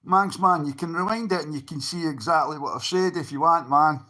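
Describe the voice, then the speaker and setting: A man's voice: a little high, brisk, sharp tone. Sweary Scottish man talking to chat. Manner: sweary, blunt, talks straight to chat. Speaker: livestreamer. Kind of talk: casual livestream chat.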